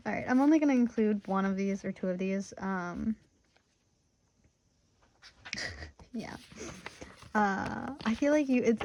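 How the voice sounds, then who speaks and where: A woman in her twenties, a tarot reader, chatting casually and excitably straight to her viewers with frequent laughs. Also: medium pitch. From Michigan, USA. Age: 20s. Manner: chatty, giggly, excitable, talks to the viewer directly. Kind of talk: casual tarot reading monologue.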